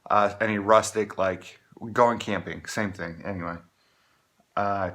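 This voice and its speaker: A man from Maine talking casually to camera, rambling with many halting restarts. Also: fairly low pitch, fairly even intonation, a bit bright. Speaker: vlogger.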